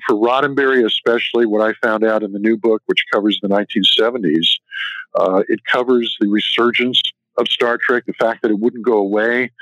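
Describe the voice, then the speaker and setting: A man's voice: medium pitch, a bit bright, no echo. Male author guest, anecdotal storyteller, dry dull lo-fi sound. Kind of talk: interview answers.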